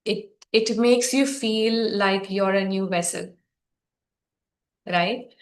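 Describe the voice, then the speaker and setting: A woman facilitating a guided healing session, speaking softly, gently and encouragingly to her group. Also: mid-range voice, takes it slowly.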